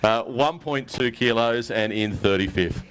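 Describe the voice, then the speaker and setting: A man's voice: mid-range voice, unhurried, fairly bright tone. An Australian man emceeing an outdoor fishing weigh-in, chatty and joking with each angler. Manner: chatty, jokey, mate-heavy banter. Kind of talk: casual event commentary.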